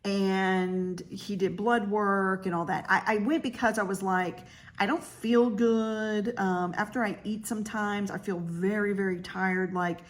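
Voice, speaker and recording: A woman's voice: medium pitch, fairly even intonation, a little slow, few pauses. A woman in her fifties talking candidly in a casual personal vlog, chatty with frequent fillers. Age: 50s. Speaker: vlogger; realtor.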